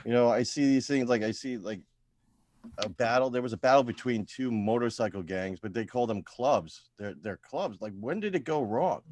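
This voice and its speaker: A man doing a deadpan stand-up set over a video call from home, trailing off into quiet, self-deprecating mumbles. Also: medium pitch, normal speed. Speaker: stand-up comedian at open mic.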